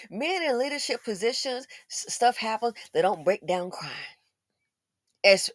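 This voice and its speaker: A woman's voice: on the low side, no room sound, clean studio sound. Blunt, scolding woman commentator. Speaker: commentary channel host. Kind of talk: opinionated social commentary.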